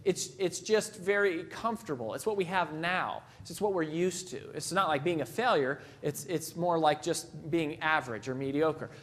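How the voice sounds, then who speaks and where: A man delivers a motivational keynote in a loose, conversational way. His voice sits high for a man. He pokes fun at himself and often restarts his sentences. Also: moderate pace, hardly any pauses. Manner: conversational, self-deprecating, frequent restarts. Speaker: motivational speaker. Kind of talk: keynote talk with personal stories.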